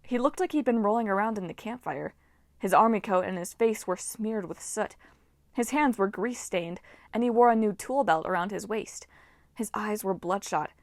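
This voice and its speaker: Woman narrator for a story reading, expressive, mid-pitched, dry close mic. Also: moderate pace, no room sound. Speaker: audiobook reader.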